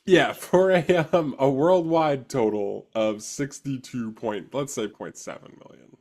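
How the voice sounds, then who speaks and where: A man's voice: medium pitch, unhurried, darkish tone. A man in his thirties co-hosting a movie podcast, chatting casually and laughing often. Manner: laughs often while talking. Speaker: podcast co-host. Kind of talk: casual chat.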